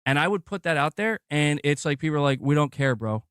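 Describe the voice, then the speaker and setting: Agitated, ranting man with lively pitch. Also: fast, clean tone, dry recording, studio quality. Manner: agitated, profane, mocks critics in put-on voices. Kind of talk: heated ranting.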